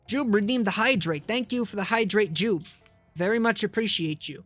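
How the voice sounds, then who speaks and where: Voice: medium pitch, quick pace, a bit bright, no echo, faint music behind. A game streamer chatting casually with viewers, swearing often and rambling in a self-deprecating way. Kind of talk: casual live-stream chat while gaming.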